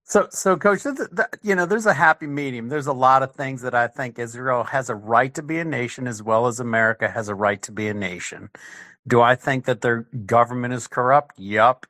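A man's voice: medium pitch, fairly quick, bright, forceful tone, no room sound, studio quality. A man calling into a faith talk show, hesitant and reasoning aloud as he goes. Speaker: caller.

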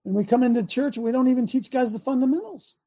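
Male host, fiery sermon-style monologue, shouts for emphasis. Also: very high-pitched, fast. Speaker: talk show host. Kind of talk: preaching talk show monologue.

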